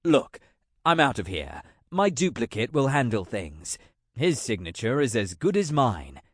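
A man's voice: medium pitch, sing-song, unhurried, breathy edge, no echo, studio quality. A man voicing a casual, eager king in an audiobook, brushing off his aide's worries. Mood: breezy. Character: breezy, restless male king sneaking off.

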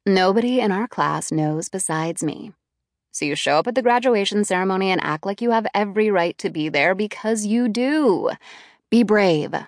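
A woman voicing a confident, pushy teenage girl who talks in a brisk, insistent way. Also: medium pitch, no echo, clean studio sound, close to an everyday voice.

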